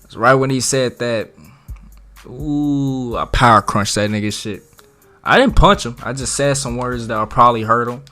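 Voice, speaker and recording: A man spinning a storytime tale with a middle-pitched voice and heavy slang. He lurches between loud outbursts and low mutters as he tells it, and a little music plays quietly underneath. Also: normal speed. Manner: profane, slangy, dramatic storyteller with big swings in loudness. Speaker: vlogger telling a story. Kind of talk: casual storytime.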